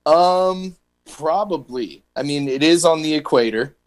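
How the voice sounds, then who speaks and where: A radio co-host with a higher-pitched voice speaks at a measured pace, running a history segment loosely, laughing and joking throughout. The banter is casual and the recording quality is poor.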